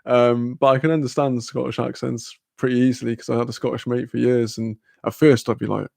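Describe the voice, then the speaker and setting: Gravelly young man chatting. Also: mid-range voice, flat delivery, a little fast, darkish tone, no room sound, studio quality. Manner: chatty, laughing often, many fillers. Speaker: streamer. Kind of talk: casual live-stream chat.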